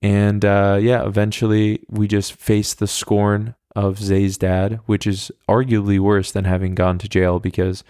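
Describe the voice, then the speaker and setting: A man's voice: lowish voice, completely flat delivery, measured pace, hardly any pauses, warm tone, dry recording, clean studio sound. A young man in his twenties hosting a podcast, telling a long story in a rambling, wry way with plenty of swearing. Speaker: podcast host. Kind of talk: casual storytelling monologue.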